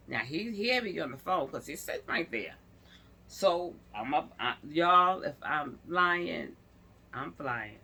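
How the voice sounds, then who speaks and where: A woman's voice: low-pitched, lively intonation, a little slow, pushed and bright, husky. A woman telling a story in a casual storytime vlog, talking straight to her viewers and rambling as she goes. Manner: chatty, speaks to viewers directly; rambling, full of restarts.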